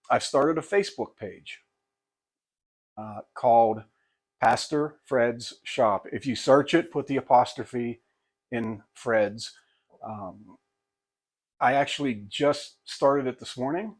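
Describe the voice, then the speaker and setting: A man's voice: medium pitch, slow pace, long pauses. An older man, a pastor and hobby woodworker, talking casually to camera in a rambling, folksy, self-deprecating way with many restarts.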